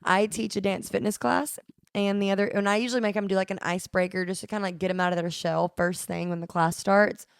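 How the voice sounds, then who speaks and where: Southern woman, casual chat, lots of fillers, middle pitch, dry close sound. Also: fairly even intonation, fast, vocal fry, clean tone, no echo. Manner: chatty, laughs often, lots of fillers. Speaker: podcast co-host. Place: home. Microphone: phone.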